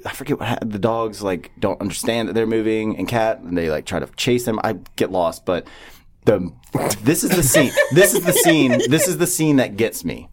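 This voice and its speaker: A man telling a story in a casual group chat, animated and laughing often, swearing freely. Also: lowish voice, moderate pace, a little hiss or hum.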